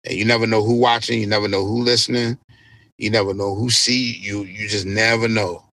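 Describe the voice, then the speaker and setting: Low gravelly man telling a story. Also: brisk, a little hiss or hum. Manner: animated, profanity-laced storytelling. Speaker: guest DJ. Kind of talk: casual storytelling interview.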